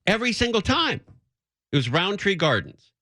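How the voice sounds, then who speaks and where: A man's voice: high voice, normal speed, dry recording, studio quality. A middle-aged man hosting a radio show, chatting casually and rambling through stories. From San Fernando Valley, California. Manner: rambling, animated storyteller. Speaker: radio host. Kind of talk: casual talk radio banter.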